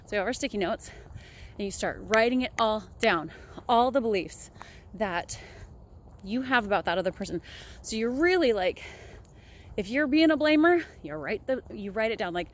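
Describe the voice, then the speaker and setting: A woman's voice: medium pitch, animated, moderate pace, slight background noise. A young woman talking casually and upbeat in a motivational vlog, chatting while walking outdoors. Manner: chatty, upbeat, laughs often. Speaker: vlogger.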